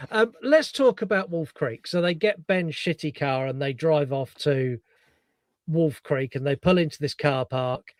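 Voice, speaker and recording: Chatty British man, fairly high voice. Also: unhurried, dry recording. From Britain. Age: middle-aged. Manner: chatty, animated retelling of scenes. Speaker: podcast co-host. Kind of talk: casual chat.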